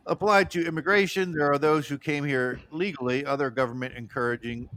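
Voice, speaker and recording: A man calmly reading viewer comments aloud in a casual chat. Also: a little high, brisk, dry recording. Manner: calm, reads comments aloud.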